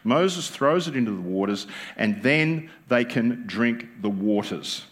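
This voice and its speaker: A man's voice: medium pitch, lively intonation, unhurried. An Australian man preaching a sermon as pastor, conversational and joking with the congregation, often asking them rhetorical questions. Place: church.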